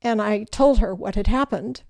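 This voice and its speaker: Older woman, gravelly voice, animated storyteller, dry close sound. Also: medium pitch, normal speed, no room sound. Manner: animated storyteller who acts out quoted voices. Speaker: guest. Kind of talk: personal storytelling interview.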